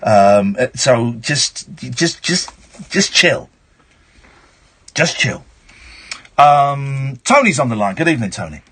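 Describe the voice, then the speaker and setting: A man hosting a late-night radio phone-in, brusque and quick to cut callers off. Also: medium pitch, big pitch swings, a bit bright.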